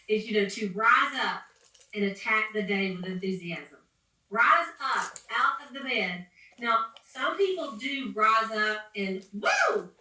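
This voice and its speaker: Heard from a distance in an echoey room, a sales team leader runs a motivational training call. Her voice is medium-pitched with a sharp edge, and her delivery is upbeat, preachy and prone to rambling.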